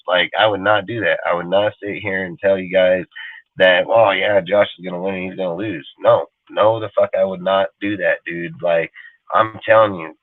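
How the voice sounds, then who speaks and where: A man's voice: low voice, no room sound. Male sports talk host, heated and profane, dry tinny phone-quality audio. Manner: profane, emphatic, ranting.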